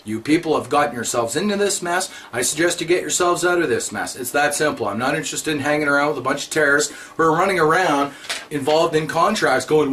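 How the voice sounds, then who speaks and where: A blunt man delivers a scolding rant, repeating his points over and over. His voice sits a little higher than most men's. A faint hiss of noise runs under the recording. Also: a little fast, fairly bright tone. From Canada. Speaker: vlogger. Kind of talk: ranting monologue to camera.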